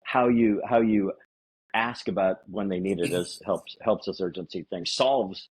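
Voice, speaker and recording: A man hosting a podcast, talking casually about sales in a halting, rambling way. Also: deep voice, breathy edge. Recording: dull lo-fi audio.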